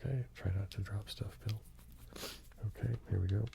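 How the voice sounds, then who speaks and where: Older man, soft-spoken ASMR, half-whispered, low voice, rambling with tag questions. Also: fairly even intonation, normal speed, gravelly, a little hiss or hum. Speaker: ASMR host.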